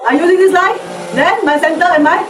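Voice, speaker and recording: A woman's voice: extremely high pitch, a little fast. A woman teaching a CPR class, quizzing trainees with questions and ending lines with "okay?" and "ah". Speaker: CPR instructor. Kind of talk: hands-on first aid class instruction. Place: indoor training hall. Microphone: far camera. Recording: echoey hall from far off, noisy.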